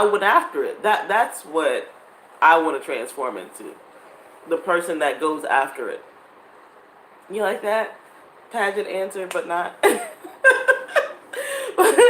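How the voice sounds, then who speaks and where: A woman's voice: sits low, a bit bright, a little hiss or hum. A woman, chatting casually and animatedly with her viewers and laughing often. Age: 30s. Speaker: vlogger. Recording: echoey room with faint ambience.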